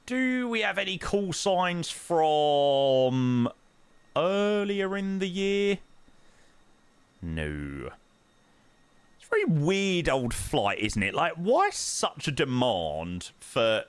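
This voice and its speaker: A man's voice: a little high, sing-song, drawn-out words, clean tone, no echo. Young guy streaming flight sim, slangy chat, dry close sound. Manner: chatty, reads chat aloud, slangy banter. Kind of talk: casual live-stream chat.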